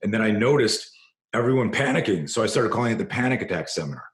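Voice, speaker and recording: Deep-voiced self-defense trainer telling a story. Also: male voice, quick pace, reverberant. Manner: animated storyteller, rising in pitch and force when excited. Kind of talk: storytelling in an interview.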